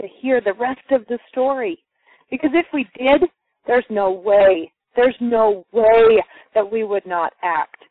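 A woman's voice: fairly high pitch, no echo. A woman telling a personal story to a group, acting out the voices of the people in it. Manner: lively, acts out quoted voices. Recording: muffled phone-line sound, dry.

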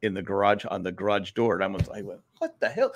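A man co-hosting a podcast, telling stories in casual chat with animated, jumpy delivery and repeated words. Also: sits low, fast, a loud crowd. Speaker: podcast co-host.

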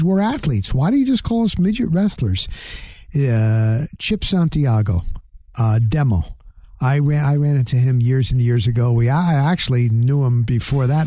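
A man's voice: medium pitch, dark tone. A middle-aged man hosting his podcast, talking casually and bluntly in a rambling solo wrap-up with frequent restarts. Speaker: podcast host. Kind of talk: casual solo outro monologue.

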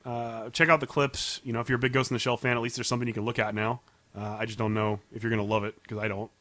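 Chatty man, bright dry voice. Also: medium pitch, flat delivery, racing, no room sound. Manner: chatty storyteller, laughs often. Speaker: podcast co-host. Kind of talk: casual chat.

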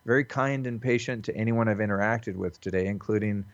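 Earnest male podcast guest with a low voice, reflective and casual; dry, lo-fi call recording. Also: brisk, no room sound. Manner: earnest, reflective, loose with swearing. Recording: dull, lo-fi call audio.

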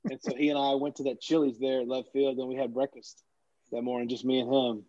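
A man who is a sportswriter, telling animated anecdotes with frequent restarts in a casual interview, on a slightly dull recording. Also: mid-range voice, quick pace, no echo. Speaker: sportswriter guest.

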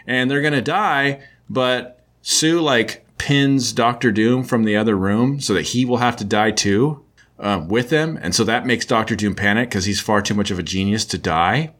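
Recapping a comic book story in a relaxed, chatty way, a man leans heavily on filler words. He talks at normal speed, medium in pitch, with a fairly bright tone.

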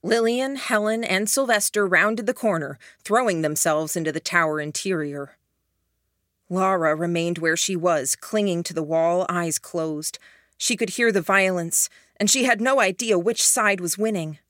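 Low-voiced woman narrating an audiobook. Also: fairly bright tone, no echo, studio quality. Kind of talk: scripted narration.

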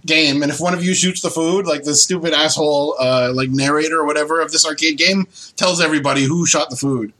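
A man's voice: on the high side, steady tone, fast, hardly any pauses, bright, forceful tone, rough recording. A man from the Toronto area, hosting a casual podcast and telling rambling stories with frequent laughs. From Toronto area, Canada. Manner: rambling storyteller, laughs often. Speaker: podcast host.

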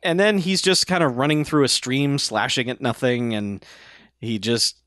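A man's voice: medium pitch, moderate pace, fairly bright tone, no echo. Male co-host, joking sidekick energy, laughs often, dry room. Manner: wry, joking asides with frequent laughs. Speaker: podcast co-host. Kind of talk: casual chat recapping a movie.

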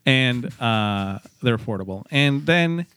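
A man's voice: mid-range voice, animated, slow, a bit bright, clear, resonant tone, no echo. A man telling a long, rambling, self-mocking story in casual podcast chat, full of fillers and asides.

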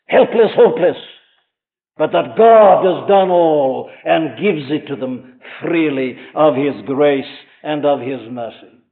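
A man preaching a sermon, asking his listeners question after question and slowing down to stress key phrases. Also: a little high, long reverb tail. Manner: emphatic, asks the listener rhetorical questions; slows down and rises for stressed phrases. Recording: thin, phone-like old archive recording.

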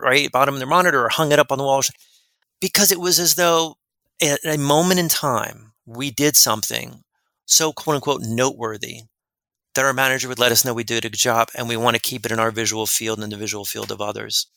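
A man, a guest expert on a podcast, telling rambling, animated anecdotes in an interview. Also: mid-range voice, a little fast, vocal fry, dry recording. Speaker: guest expert on workplace respect. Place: lives in New Jersey.

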